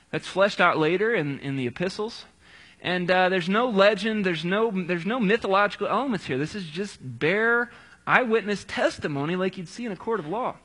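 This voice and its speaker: A male preacher with a bright, forceful voice sitting a little high. He retells scripture in a relaxed, conversational sermon and drops in casual asides as he goes.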